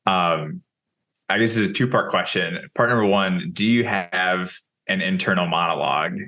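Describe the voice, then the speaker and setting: Deep-voiced man asking curious questions. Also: normal speed, sharp tone. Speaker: podcast host. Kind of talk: casual interview.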